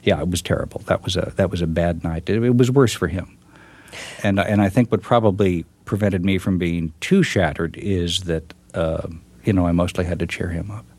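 Middle-aged man, very low voice, thoughtful, halting, author being interviewed, dry close sound. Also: darkish tone, dry recording. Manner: thoughtful, halting with repeated starts. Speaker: author guest. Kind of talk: reflective interview talk.

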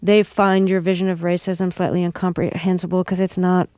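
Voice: medium pitch, little pitch movement, brisk, a little mellow, no room sound, studio quality. A radio interviewer asking thoughtful, probing questions.

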